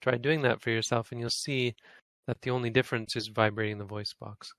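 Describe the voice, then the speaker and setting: A man's voice: medium pitch, steady tone, fairly quick, a bit bright, no room sound. A man teaching a language lesson, patiently explaining and demonstrating sounds over and over.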